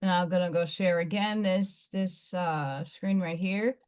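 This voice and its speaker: Slow-talking woman hosting a casual live stream. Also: on the low side, fairly even intonation, darkish tone, smooth. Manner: rambling, with frequent restarts and blunt asides. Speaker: livestream host.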